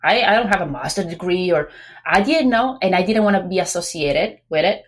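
A pregnant woman talking as a guest on a business podcast, chatty and lively, acting out quoted remarks between many fillers. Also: lowish voice, fairly quick. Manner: animated, acts out quoted voices, many fillers. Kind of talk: casual interview talk.

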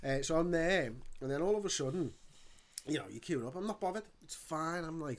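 Man, ranting storyteller, swears a lot, fairly high voice. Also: expressive, brisk. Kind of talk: casual chat, storytelling.

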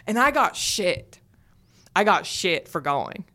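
A woman in her thirties chatting on a podcast as a guest, telling lively stories and swearing freely. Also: lowish voice, takes it slowly. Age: 30s. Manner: animated storyteller, swears freely. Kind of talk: casual chat.

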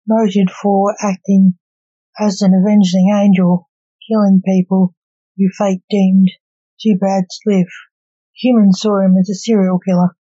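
Woman storyteller, calm, even, mellow, muffled lo-fi recording. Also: medium pitch, breathy edge, no room sound. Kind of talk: story reading. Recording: dull lo-fi recording.

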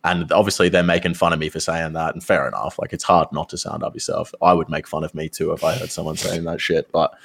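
A young man, a streamer telling a story in casual chat, animated and full of swearing. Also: rumbling low, fast talker, vocal fry, hardly any pauses. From Australia. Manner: animated, swears a lot, acts out quoted voices.

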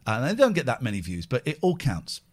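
Male podcast host, mid-pitched, very animated, rambling and repetitive. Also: fast. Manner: animated, repeats himself, stammering restarts. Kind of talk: casual chat.

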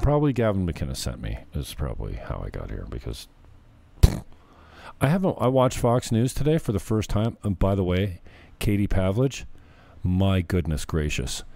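A man's voice: low voice, sing-song, normal speed, gravelly, warm tone, slight background noise. A man hosting his own show, giving rambling, profane, joking commentary on viral videos. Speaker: show host.

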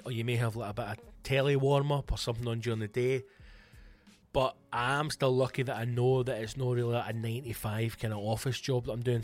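A Scottish man in a mid-pitched voice runs his comedy podcast alone, talking straight to the listeners. He swears freely and puffs himself up into a mock-grand tone as he answers their questions. Faint music sits under his voice. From Scotland.

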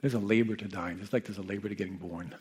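A man, a meditation teacher who sat with the dying, gives an unhurried, reflective talk, often checking in with his listeners. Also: fairly low pitch, fairly even intonation, husky. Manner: gentle, unhurried, often asks "Yeah?" and "you know". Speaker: meditation teacher and hospice caregiver.

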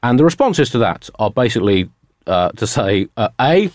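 A man's voice: medium pitch, sing-song, moderate pace, a little mellow, no room sound, studio quality. A man co-hosting a satirical comedy podcast, rambling through surreal jokes with frequent hesitations.

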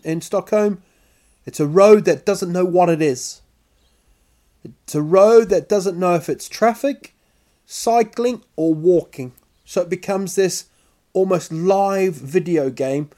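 Male comic, storytelling monologue, slightly high voice, unhurried delivery, self-mocking. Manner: animated, self-mocking, acts out sounds and voices. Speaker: comedian. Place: lives in Stockholm.

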